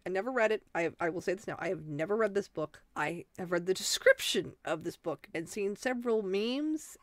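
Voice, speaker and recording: A woman chatting casually in a reaction vlog from the corner of her bedroom, rambling with lots of fillers and big swings in her voice. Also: dry recording. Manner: rambling, filler-heavy, expressive swings in pitch. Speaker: vlogger and self-published author. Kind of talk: casual reaction vlog, reading posts aloud.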